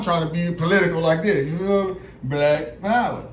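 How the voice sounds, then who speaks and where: A man's voice: on the high side, normal speed, hardly any pauses. A young man casually telling a long, profane story straight to his viewers. He keeps checking in with them and acts out other people's lines as he goes. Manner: profane, animated, keeps asking "you feel me". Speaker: vlogger. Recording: roomy echo with faint background noise.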